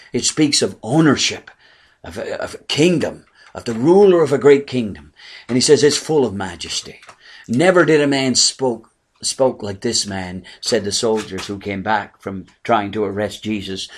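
A man preaching a sermon in earnest, rising for emphasis and dropping low and soft at times. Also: normal speed, slightly rough. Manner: earnest preaching, swelling and dropping to near whispers. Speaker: pastor.

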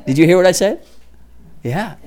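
A middle-aged male pastor preaching a conversational sermon, often dropping to a hushed voice for prayers. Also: high voice, expressive, normal speed.

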